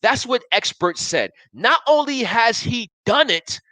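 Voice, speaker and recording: A man's voice: very high voice, expressive, unhurried, sharp tone, no room sound, rough recording. A man in his thirties hosting a live sports talk show, arguing emphatically and restarting his sentences as he reads viewer comments. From Buffalo area, US. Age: 30s.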